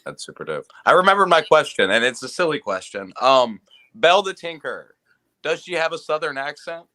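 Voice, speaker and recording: A man guesting on a podcast, playful and excitable, laughing often as he talks. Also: a little high, a little fast. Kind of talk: casual interview chat.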